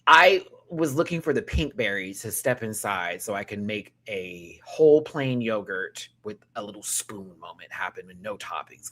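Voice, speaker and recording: Sassy, animated man reviewing a show. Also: medium pitch, a little fast. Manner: sassy, animated, swings between loud outbursts and hushed asides; laughs often while talking. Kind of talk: casual reaction commentary.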